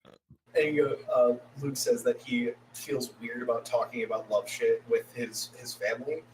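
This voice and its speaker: This man co-hosts a podcast and walks his friends through an anime episode in a loose, profane way. He acts out the characters' quoted lines mid-story, at an everyday middle pitch, with a faint hum underneath. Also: normal speed, rough recording. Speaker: podcast co-host. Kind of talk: casual anime episode recap.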